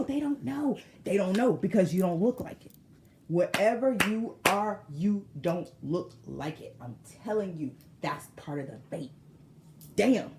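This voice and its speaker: Animated tarot reader woman, laughing. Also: fairly low pitch, roomy sound. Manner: animated, laughs often, slangy and emphatic. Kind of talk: casual tarot reading to viewers.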